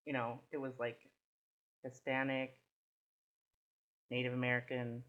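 A woman co-hosting a podcast in casual chat, animated and laughing, slipping into playful voices. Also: extremely low pitch, a little slow. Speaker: podcast co-host. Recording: dull lo-fi sound.

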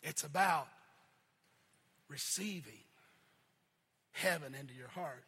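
A man preaching a sermon as pastor, building repeated phrases up to shouts and then dropping to a low, quiet delivery. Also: unhurried, slightly rough. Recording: long reverb of a large hall.

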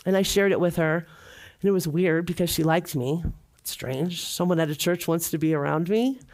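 A woman's voice: on the low side, normal speed, darkish tone. A middle-aged woman giving a heartfelt personal testimony at a church gathering, speaking earnestly and repeating phrases for emphasis.

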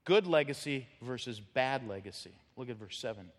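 A man preaching a sermon as pastor, animated, acting out quoted voices and repeating words as he builds up. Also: medium pitch, moderate pace. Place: church sanctuary. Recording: long reverb of a church hall.

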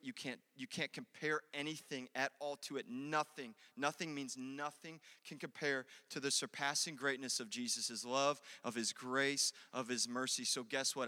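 A young man preaching a sermon in a church, swinging from loud passionate peaks to quiet conversational asides. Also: mid-range voice, big-room sound.

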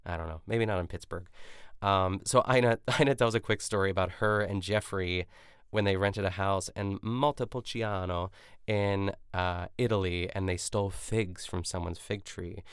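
Very deep, smooth-voiced rambling podcast host. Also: male voice, fairly even intonation, normal speed, no echo, clean studio sound. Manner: rambling, full of "like" and self-corrections. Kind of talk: casual podcast recap of a cooking show.

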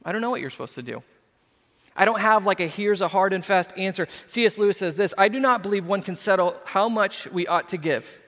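A male pastor preaching a sermon in an animated, emphatic way with conversational asides. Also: high-pitched, fairly quick, long reverb tail.

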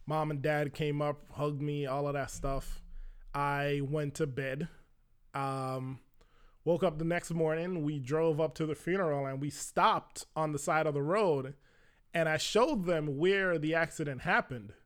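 Young male storyteller, slightly high voice, casual and chatty, fills gaps with filler words. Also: fairly even intonation, unhurried, clean tone. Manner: conversational, lots of "like" fillers, acts out quoted voices.

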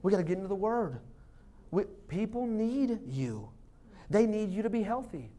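A man's voice: sits high, lively intonation, moderate pace, mellow. A man, a lead pastor preaching a sermon in a church, in a loose conversational style, slipping into quoted voices now and then. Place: church sanctuary.

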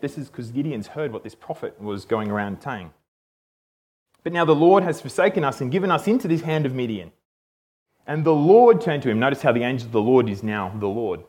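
A man's voice: medium pitch, lively intonation, fairly quick, darkish tone. Man teaching scripture casually. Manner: conversational, keeps checking in with "okay?". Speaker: preacher.

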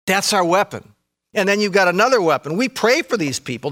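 A man's voice: high voice, very animated, fairly quick, sharp tone. A man preaching a sermon, talking conversationally and emphatically, with frequent asides to the congregation. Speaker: pastor.

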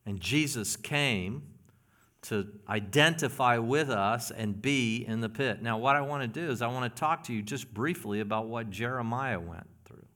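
A man preaching a sermon as pastor, earnest and often hushed, building into emphatic passages. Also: mid-range voice, moderate pace.

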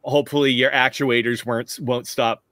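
A man's voice: medium pitch, normal speed, no echo. Laid-back male game master, dry sound. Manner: relaxed, rambling, laughs often. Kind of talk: narrating a tabletop game.

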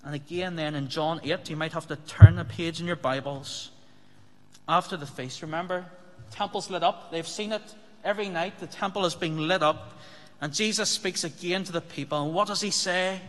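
A man's voice: a little high, steady tone, brisk, a bit bright. A man preaching a sermon as pastor, speaking earnestly and asking the congregation rhetorical questions. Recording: long hall reverb.

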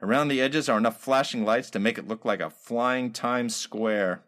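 A man reading a comic detective story aloud in a wry, deadpan hard-boiled manner. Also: mid-range voice, moderate pace.

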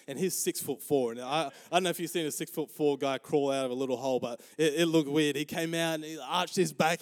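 A young man preaching in church, telling a funny story with lots of energy, acting out the voices and laughing as he goes. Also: a little high. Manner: animated, acts out quotes, laughs often. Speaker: pastor. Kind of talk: storytelling sermon. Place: church auditorium.

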